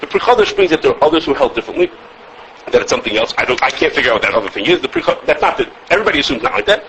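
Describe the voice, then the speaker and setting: Guy teaching a class, quick and lively, lots of "okay?", bit of background hiss. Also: on the high side, dull audio. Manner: animated, repeats words, asks "okay?" often. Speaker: Torah teacher. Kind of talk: halacha class lecture.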